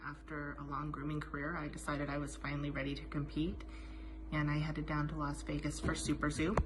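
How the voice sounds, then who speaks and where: A dog groomer telling a heartfelt, self-deprecating anecdote in a personal tribute message. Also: female voice, low-pitched, noisy background.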